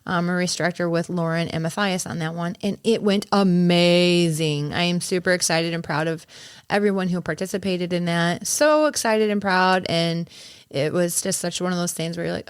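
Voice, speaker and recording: Woman, hoarse voice, chatty podcast host, enthusiastic, casual swearing, dry close mic. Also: lowish voice, normal speed, no echo. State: losing her voice, hoarse. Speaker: podcast host and race director. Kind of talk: casual solo podcast talk.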